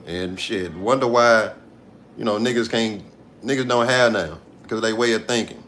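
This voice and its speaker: A man's voice: lowish voice, normal speed, fairly bright tone, a little hiss or hum. Blunt, profane man ranting on a livestream. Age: 30s. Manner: blunt, profane, repeats himself for emphasis. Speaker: live streamer. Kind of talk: casual livestream rant.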